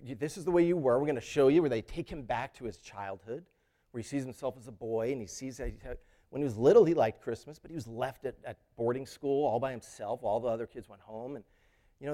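Earnest mellow-voiced male teacher. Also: medium pitch. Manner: earnest, with frequent repeated words and restarts. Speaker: schoolteacher. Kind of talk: reflective talk on a story's theme.

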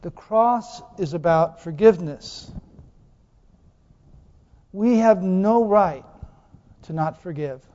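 Expressive yet slow, with frequent pauses, a male pastor preaches in a high, soft-edged voice, questioning the congregation and repeating phrases for emphasis. His words ring through a large church hall with long reverb on a muffled, lo-fi recording.

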